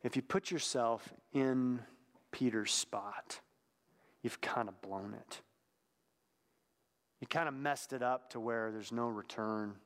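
A man preaching a sermon in a conversational, reflective way, sometimes dropping to a hushed tone. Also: medium pitch, slow pace, long pauses, in a large hall.

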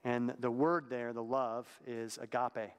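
A man's voice: mid-range voice, level tone, unhurried, clear, resonant tone. Reflective male preacher in a reverberant hall. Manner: conversational and reflective, drops to a hushed tone at times. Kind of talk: sermon.

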